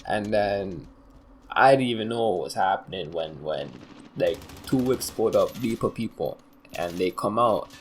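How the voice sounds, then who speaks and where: A young man with a fairly low voice tells his story in a loose, slangy ramble. He keeps padding it with fillers and trails off into "da, da, da". A faint hum sits behind him. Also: animated, measured pace. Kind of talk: casual storytime monologue.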